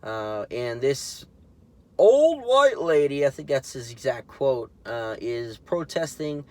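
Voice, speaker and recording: A man's voice: mid-range voice, slow, darkish tone, no room sound. A man hosting his own political commentary show, talking casually and indignantly with lots of fillers and restarts. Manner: rambling, full of fillers and restarts; indignant, mocking.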